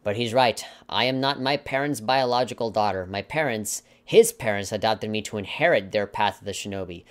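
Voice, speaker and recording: A let's play commentator reads a video game's story text aloud, mocking it with sarcastic, mock-dramatic remarks and chuckling asides. His lowish voice moves fairly quickly with few pauses.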